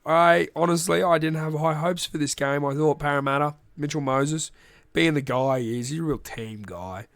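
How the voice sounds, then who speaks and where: An Australian man hosts a casual sports recap podcast, rambling and joking with plenty of swearing. His voice sits slightly high for a man. The sound is close and dry. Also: moderate pace, fairly bright tone, dry recording. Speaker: podcast host.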